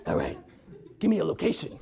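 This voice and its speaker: Young man voicing a gruff old storyteller, low clipped orders, brisk and bossy. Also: huge pitch swings, mellow, heavily acted. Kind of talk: solo comedy performance.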